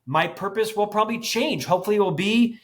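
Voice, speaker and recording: A man's voice: sits high, fast. A man in his fifties, a podcast guest, talking intensely and animatedly with self-deprecating humor. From United States. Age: 50s. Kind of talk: podcast interview.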